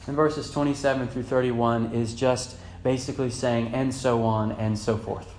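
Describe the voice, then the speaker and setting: A man's voice: mid-range voice, steady tone, moderate pace, few pauses. Fervent preacher man in an echoey church. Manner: swings from loud fervent emphasis to soft quiet reflection. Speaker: pastor. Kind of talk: sermon. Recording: echoey church room with faint hum.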